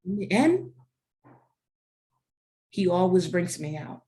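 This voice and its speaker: A woman's voice: lowish voice, very animated, takes it slowly, dark tone. African-raised woman founder, earnest testimony, repeats lines like a preacher. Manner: earnest, declarative, preacher-like repetition. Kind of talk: interview answers, faith testimony.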